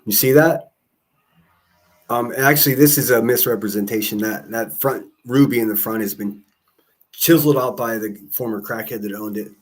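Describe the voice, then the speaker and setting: A man's voice: medium pitch, normal speed. A man, livestreaming in casual chat, rambling with profane jokes and asides.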